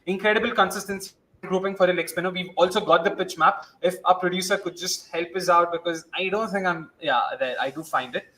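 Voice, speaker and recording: A man's voice: high-pitched, brisk, sharp tone, rough recording. A man with an Indian accent hosting a live cricket watchalong, rambling and switching between Hindi and English. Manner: rambling, mixes Hindi and English, self-correcting. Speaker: host.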